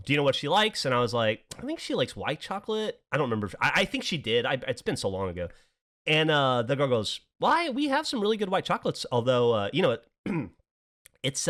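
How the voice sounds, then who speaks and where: Laughing, lively man telling a story. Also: medium pitch. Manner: rambling storyteller, laughs often, swears freely. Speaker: podcast host. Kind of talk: casual podcast chat.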